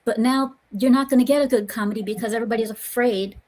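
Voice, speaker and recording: Woman podcast host, higher pitch, rambling, loose casual delivery over a remote call. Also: fast, mellow. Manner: rambling, restarts sentences, laughs easily.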